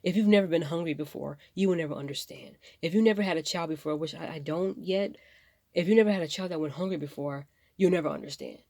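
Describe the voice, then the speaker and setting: A woman's voice: fairly low pitch, fast, warm tone, no echo. A woman vlogging about something that upsets her, rambling and impassioned, fighting back tears. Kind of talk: emotional personal vlog.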